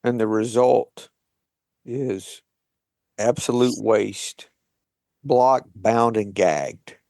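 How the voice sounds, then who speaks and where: A man leading a recovery discussion, reading slowly and reflecting on his experience with light laughs. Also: lowish voice, creaky, darkish tone, no echo, studio quality. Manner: slow, thoughtful, with light laughs. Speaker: podcast host leading a recovery meeting.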